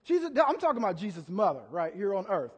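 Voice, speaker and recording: High-voiced preacher in a reverberant hall. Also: male voice, big pitch swings, fast, breathy edge. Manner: chatty, storytelling with acted quotes and audience volunteers. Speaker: pastor. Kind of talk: sermon. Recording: long reverb of a church hall.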